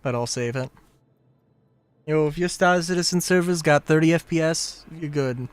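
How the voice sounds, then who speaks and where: A man's voice: fairly high pitch, normal speed, smooth, no room sound. A young man streaming a game live, rambling in casual commentary and often breaking into laughter.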